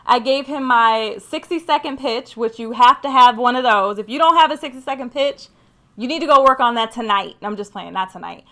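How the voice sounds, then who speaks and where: A young woman talks to camera in a relaxed vlog voice, chatty and animated. Her tone is bright and crisp, set a little high. She tells her story with loose fillers and a quick, friendly rhythm. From Michigan. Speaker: career vlogger.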